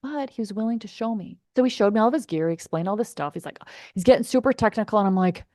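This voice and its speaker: A woman podcast host telling a story in a chatty, animated way, full of fillers. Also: medium pitch, fast talker, dry recording, studio quality. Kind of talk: casual storytelling.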